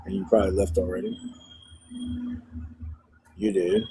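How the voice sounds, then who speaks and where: A man's voice: on the low side, big pitch swings, unhurried, gravelly, dark tone, a little hiss or hum, poor audio. A young man chatting casually and bluntly with his viewers on a livestream, rambling and swearing freely.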